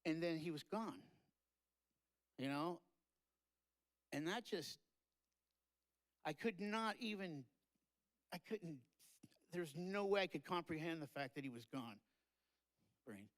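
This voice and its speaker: A man with a fairly high voice speaks at a memorial gathering. He rambles through his tribute with plenty of fillers and mixes goofy jokes with choked-up, tearful moments. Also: expressive, takes it slowly, pauses often, poor audio. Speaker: eulogy speaker. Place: live-streamed memorial event.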